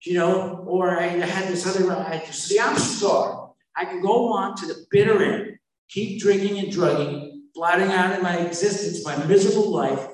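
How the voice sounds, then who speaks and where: Middle aged guy sharing his recovery story, blunt and rambly, high voice, big echo from across the hall. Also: moderate pace. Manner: blunt, rambling and emotional, with frequent restarts. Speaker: speaker sharing at a recovery meeting. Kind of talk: personal recovery testimony. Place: meeting hall. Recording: very echoey hall, from far off.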